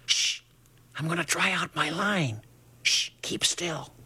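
Storybook figure: man putting on a chubby, eager boy, a bit higher pitch, urgent and hushed delivery. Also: big pitch swings, unhurried, vocal fry, slightly rough, no room sound, heavily acted. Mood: hushed excited.

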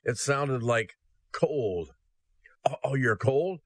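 A man's voice: mid-range voice, animated, slow pace, no echo. A man hosting a ministry podcast. He reads a personal story aloud, then gives an earnest devotional message that addresses listeners as brothers and sisters.

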